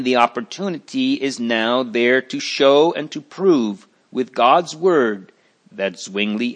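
A man reading a church history story aloud in a measured storytelling manner. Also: medium pitch. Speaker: narrator. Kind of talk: scripted narration of church history.

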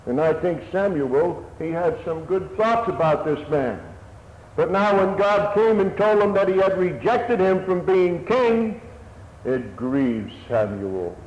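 A man's voice: sits high, measured pace, a little mellow. A man preaching a sermon in an earnest, old-fashioned manner, his voice swelling and dropping. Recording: echoey hall, dull lo-fi sound, faint hiss.

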